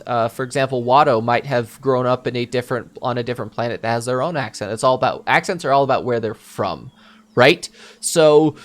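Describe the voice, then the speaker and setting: A medium-pitched man acts as a game master, answering viewer questions in a casual chat. He restarts sentences as he thinks aloud and illustrates points with examples from his campaign.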